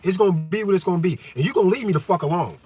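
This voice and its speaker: A high-pitched man holds a fervent, profane rant on a livestream. He stumbles through halting fillers, sinks into low musing and then bursts into loud shouting. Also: animated, slight background noise. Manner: heavy hesitation fillers.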